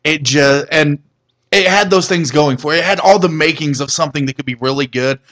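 A man's voice: on the high side, fairly quick, fairly bright tone. A man co-hosting a podcast, chatting casually and joking about a movie. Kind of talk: casual chat.

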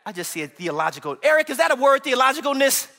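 A man preaching a sermon as associate pastor, animated and humorous, calling out to the congregation. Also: very high voice, fast talker, in a large hall.

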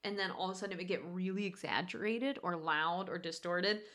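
A woman in casual podcast chat about a film, animated and quick to laugh, acting out quotes. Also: fairly low pitch. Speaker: podcast co-host discussing a film.

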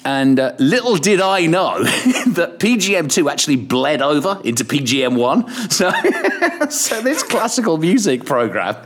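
A man's voice: on the high side, very animated, measured pace, hardly any pauses, breathy edge. A middle-aged man, a radio presenter, telling anecdotes in a casual interview, swearing freely and laughing often. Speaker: radio presenter, podcast guest.

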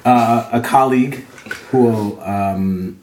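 A man's voice: mid-range voice, slow, a little mellow, a little hiss or hum. A man hosting a casual podcast, dry and self-mocking as he steers the talk. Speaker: podcast host. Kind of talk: casual chat. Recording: echoey room.

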